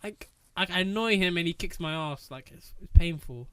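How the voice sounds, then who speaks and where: Brief: young man, a bit high-voiced, chatty and self-deprecating co-host. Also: brisk, a bit bright, clear, resonant tone. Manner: rambling, self-mocking, chatty. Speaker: podcast co-host. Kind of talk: casual chat.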